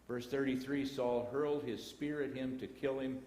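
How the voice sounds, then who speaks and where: A man's voice: medium pitch, fairly even intonation, moderate pace, hardly any pauses, a little mellow. Texan man, Bible class teacher, folksy asides, long reverb, roomy church hall. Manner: reads scripture aloud, breaks into folksy asides. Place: church auditorium. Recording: echoey church hall broadcast.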